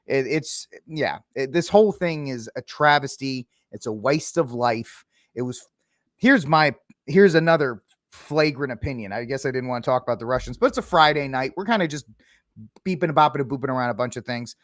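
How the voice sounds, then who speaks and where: A man hosting a casual political podcast, opinionated and mocking, sometimes acting out quick impressions of politicians. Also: medium pitch, lively intonation, no room sound, clean studio sound. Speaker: podcast host.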